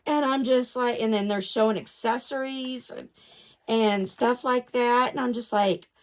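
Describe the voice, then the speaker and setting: Slow, gushing higher-voiced woman. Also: fairly even intonation. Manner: gushing, repeats herself, stumbles over names. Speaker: doll collector vlogger. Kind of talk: casual vlog chat.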